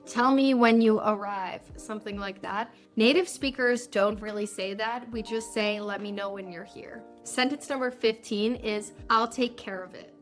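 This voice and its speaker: A young woman, teaching English phrases in a clear, friendly lesson style. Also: medium pitch, fairly even intonation, normal speed, few pauses, soft background music. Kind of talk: scripted lesson narration.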